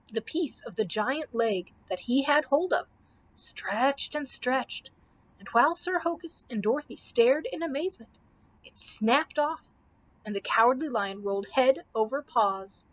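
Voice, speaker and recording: A woman librarian reading a children's storybook aloud with expressive, measured storytelling. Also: a little high, rough recording.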